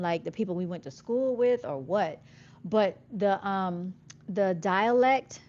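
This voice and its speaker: A woman's voice: medium pitch, muffled recording. A woman with a Southern accent, chatting casually on a livestream and reading viewer comments, calling them y'all. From Jamaica. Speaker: livestream host.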